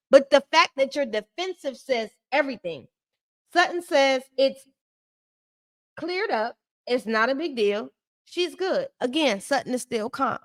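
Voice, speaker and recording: A woman with a voice pitched a little on the high side talks through a reality show episode in casual recap commentary. Her delivery is sassy and blunt, full of slang and direct asides to the people on screen. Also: a bit bright.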